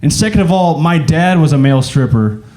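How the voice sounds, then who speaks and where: Casual high-voiced male stand-up comic. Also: animated, brisk, a little mellow. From Arkansas, USA. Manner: casual, rambling, filler-heavy, \"like\" and \"dude\". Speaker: stand-up comedian. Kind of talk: stand-up comedy set.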